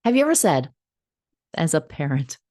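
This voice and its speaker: Brief: woman host, casual advice talk, lively pitch, acts out examples and laughs a lot. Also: moderate pace, no room sound, studio quality. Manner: animated, laughs often, acts out little scripts. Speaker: host giving relationship advice.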